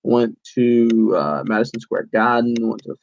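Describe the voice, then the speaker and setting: A man's voice: medium pitch, animated, moderate pace, creaky, highs cut off. A young man in his twenties hosting a casual solo podcast, rambling through stories with lots of "like"s and self-corrections. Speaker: podcast host.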